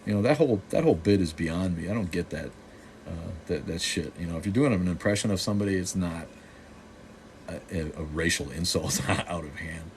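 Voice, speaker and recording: A man's voice: low voice, brisk, slight background noise. A man hosting a livestream, talking casually while answering chat, rambling and sardonic with many restarts. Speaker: show host.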